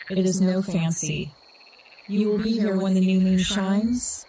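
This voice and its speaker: A woman playing a sad, earnest young woman in an audio drama, speaking softly and solemnly. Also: medium pitch, steady tone, unhurried, a little hiss or hum, close to an everyday voice. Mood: serious.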